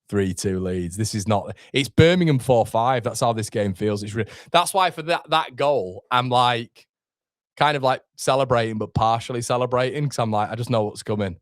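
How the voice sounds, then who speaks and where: A man's voice: mid-range voice, moderate pace, no echo. A man giving live fan commentary on a match, swearing and groaning at every mistake. His voice sits mid-range and sounds dry and close to the mic. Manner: anxious, exasperated, swearing, rising to shouts at the keeper. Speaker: fan watchalong host.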